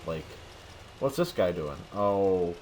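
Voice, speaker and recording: A tired young man talking through his own tank game in a flat, monotone commentary, swearing now and then. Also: deep voice, takes it slowly, slight background noise. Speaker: gameplay commentator. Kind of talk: gameplay commentary.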